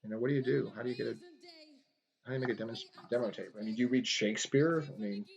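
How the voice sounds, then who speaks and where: Rambling man with a mellow voice. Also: mid-range voice, very fast, vocal fry, highs cut off. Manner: rambling, full of fillers and restarts. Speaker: artist live-streaming a drawing session. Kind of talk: casual chat while drawing. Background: faint guitar music.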